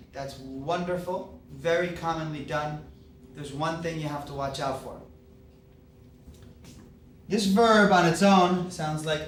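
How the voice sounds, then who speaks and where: A man's voice: fairly high pitch, a bit bright, a little hiss or hum. A man teaching Spanish grammar, explaining step by step and checking in with okay and right. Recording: echoey classroom, mic at a distance.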